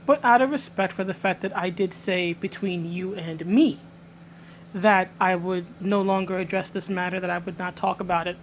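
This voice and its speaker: A woman's voice: fairly low pitch, moderate pace, a little hiss or hum. A woman from New York City with a New York accent, giving emphatic, indignant vlog commentary and often restarting her words. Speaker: vlogger. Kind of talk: direct-to-camera commentary.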